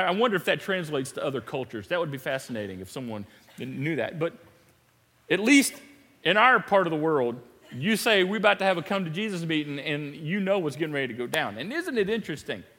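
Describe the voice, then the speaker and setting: Animated pastor in a reverberant sanctuary. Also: male voice, a little high, husky. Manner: animated, emphatic, laughs and repeats himself. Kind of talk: sermon. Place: church sanctuary.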